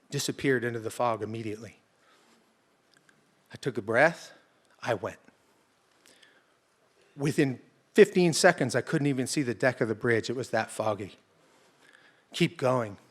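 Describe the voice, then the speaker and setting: A man telling a true personal story on stage in a conversational, vivid present-tense way. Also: medium pitch. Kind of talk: live first-person storytelling.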